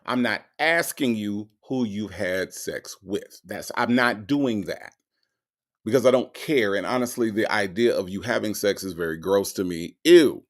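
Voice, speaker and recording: A man's voice: fairly low pitch, measured pace. A man hosting a show, mocking and emphatic as he reacts to recorded calls and reads viewer comments aloud.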